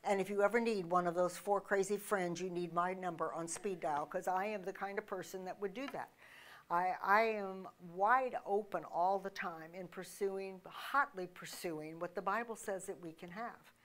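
A woman minister preaching with emphatic, conversational energy. She fires off rhetorical questions, restarts her sentences, and speaks at an ordinary middle pitch. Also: normal speed, fairly bright tone. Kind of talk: sermon.

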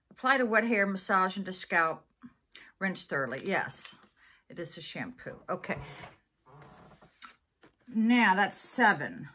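A woman's voice: fairly low pitch, pushed and bright. A woman in her sixties chatting casually as she unboxes items, thinking aloud and laughing often. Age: 60s. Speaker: vlogger.

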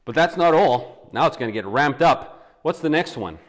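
A male pastor preaching a sermon and telling it as animated stories with acted-out quotes. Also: on the high side, moderate pace. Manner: animated storytelling, acts out quotes.

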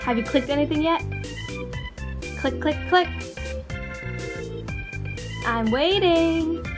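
A woman's voice: sits high, normal speed. A young woman hosting a video channel, giving a chirpy, teasing outro. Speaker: video host. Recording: music playing underneath.

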